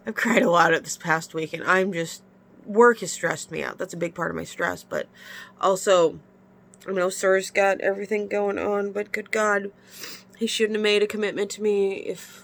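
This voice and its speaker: A woman's voice: mid-range voice, fairly even intonation, moderate pace, vocal fry, a bit bright. Tearful woman venting, stuffy-nosed. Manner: emotional, frank venting with sighs. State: stuffy nose from crying. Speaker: vlogger. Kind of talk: casual confessional vlog.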